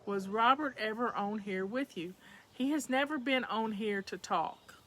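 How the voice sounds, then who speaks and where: A Southern woman talks easily to her viewers from home, folksy and chatty. Her voice sits a little high and sounds bright and lively. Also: unhurried. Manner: folksy, chatty, says y'all to her audience. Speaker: livestream host. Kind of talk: casual chat to viewers.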